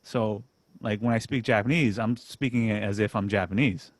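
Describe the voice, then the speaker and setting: A relaxed man hosting a casual podcast, his voice sitting low and recorded dry and close. He is self-deprecating and quick to laugh, often restarting his sentences as he talks things through. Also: no echo. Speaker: podcast host. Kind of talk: casual chat.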